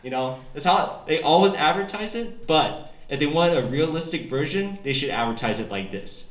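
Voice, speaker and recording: A young male comic on a club stage, his voice high and swinging widely in pitch. He talks in a loose, rambling way, picked up by a stage microphone. The room rings with echo and the crowd is loud. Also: animated, moderate pace. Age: young adult. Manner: loose, rambling delivery that breaks into shrieking character voices. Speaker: stand-up comic. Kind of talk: open mic stand-up set. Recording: echoey room with loud audience.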